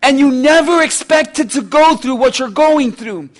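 A man's voice: extremely high pitch, unhurried. A man preaching a sermon. He speaks straight to his listeners and builds emphasis through repeated phrases. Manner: addresses listeners directly.

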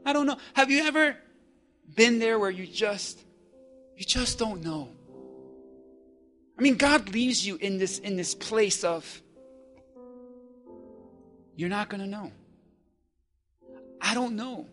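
A man preaching a sermon, moving from hushed, slow passages to loud call-and-response with the congregation. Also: sits high, lively intonation, soft background music. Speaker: pastor.

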